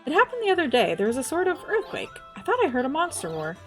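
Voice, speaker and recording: A woman's voice: high voice, huge pitch swings, quick pace, a bit bright, faint music behind, voice pushed up, full character voice. A woman reading aloud the lines of a worried hot spring bathhouse keeper from a video game. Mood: apologetic.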